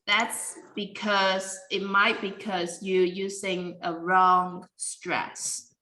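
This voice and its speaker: A woman teaching English pronunciation in a careful, deliberate way, with simple non-native grammar. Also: mid-range voice, pushed and bright, echoey room, a little hiss or hum, poor audio. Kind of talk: slow classroom explanation.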